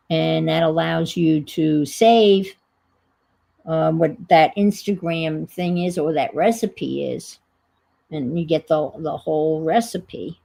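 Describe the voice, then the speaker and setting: Slow, gravelly-voiced woman crafting aloud. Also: fairly low pitch, warm tone, rough recording. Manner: rambling, thinking aloud, self-deprecating. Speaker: crafting livestream host. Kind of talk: casual chat while crafting.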